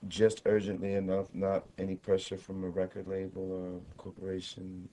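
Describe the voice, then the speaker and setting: Low, dark-voiced man musing slowly. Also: monotone, low-quality recording. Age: 30s. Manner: reflective, halting, many "you know" fillers. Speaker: guest musician. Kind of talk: relaxed radio interview. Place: radio studio.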